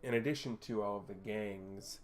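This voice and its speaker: A man voicing a self-assured wealthy male tech executive who talks in a polished, measured, slightly condescending way in a tabletop game. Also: on the low side, natural voice. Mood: composed.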